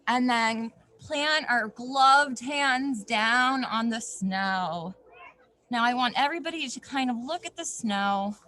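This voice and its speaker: A young woman leading a yoga class for children outdoors in a snowy backyard, giving gentle instructions with playful asides. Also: a little high. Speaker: yoga teacher.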